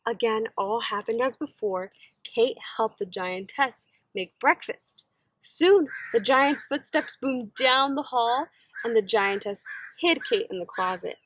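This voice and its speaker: A woman teacher reading a children's story aloud, slow, gentle and expressive. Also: on the high side, no echo, low-quality recording.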